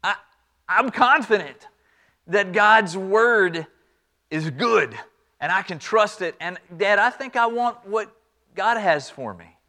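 A man voicing the young Abraham, speaking quietly and earnestly with halting restarts. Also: sits high, expressive, exaggerated voice.

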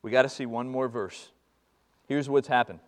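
A man preaching a sermon, moving from hushed, slow passages to loud, fervent ones and repeating phrases for emphasis. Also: mid-range voice. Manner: impassioned, swings from hushed to loud. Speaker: pastor.

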